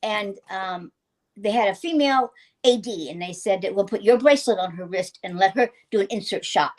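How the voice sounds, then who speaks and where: An older woman, a guest actress, telling animated anecdotes in a casual interview and laughing often. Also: mid-range voice, normal speed.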